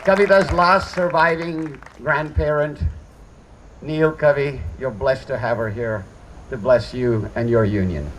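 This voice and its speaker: A man's voice: medium pitch, a little slow, some chatter behind, slight background noise, poor audio. A middle-aged man giving a father of the bride speech at a hotel wedding reception, joking and poking fun at himself. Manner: joking, self-deprecating.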